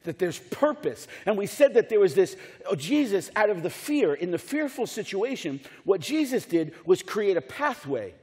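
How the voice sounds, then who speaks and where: A man preaching a sermon as pastor, animated and jokey, often repeating his words. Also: high voice, moderate pace, breathy edge, in a large hall. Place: church sanctuary.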